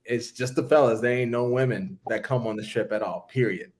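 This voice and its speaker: A man casually telling a long story on a podcast, acting out what people said with big jumps in his voice. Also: brisk. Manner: animated, acts out quotes with big pitch jumps.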